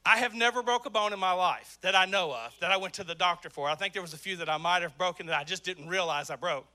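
A man preaching an energetic sermon to a church congregation, often shouting. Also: sits high, fast. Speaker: pastor. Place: church sanctuary with live congregation.

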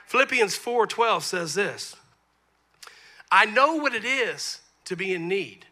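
A man, preaching a sermon as pastor, moving between soft asides and loud emphasis. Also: high voice, lively intonation, slow. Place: church sanctuary.

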